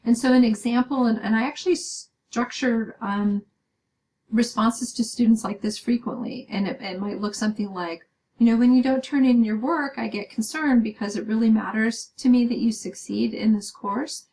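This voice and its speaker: A woman with a fairly high, warm voice gives a recorded lecture at a moderate pace and a steady tone. She explains things step by step, peppering her speech with "um"s and "right?" checks, though the audio quality is poor.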